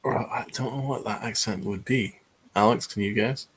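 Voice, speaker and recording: A man's voice: lowish voice, moderate pace, slight background noise. A man co-hosting a casual livestream, teasing his friend and easily amused. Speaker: co-host.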